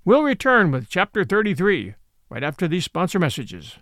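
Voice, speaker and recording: A man reading a classic novel aloud as an audiobook, in a gentle storytelling manner. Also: high voice, huge pitch swings, normal speed, no room sound, studio quality. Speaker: audiobook narrator. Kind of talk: scripted narration of a classic novel.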